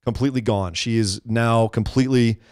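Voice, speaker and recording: Brief: male podcast co-host, mid-pitched, animated and opinionated, dry close recording. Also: clear, resonant tone, dry recording. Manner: animated, opinionated, quick to act out quotes. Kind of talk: casual wrestling chat.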